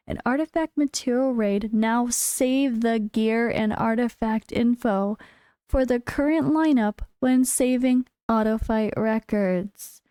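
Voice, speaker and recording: A woman hosting a gaming channel, reading patch notes and breaking off into excited reactions, her voice going hoarse. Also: no room sound, clean studio sound. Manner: excitable, bursts into high exclamations.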